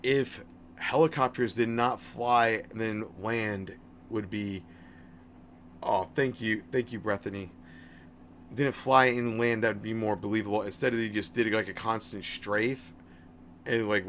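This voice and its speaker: A man's voice: fairly low pitch, fairly bright tone, slight background noise. A man in his thirties chatting casually on a live stream about a game, friendly and rambling, often restarting his words. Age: 30s. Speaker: game livestreamer.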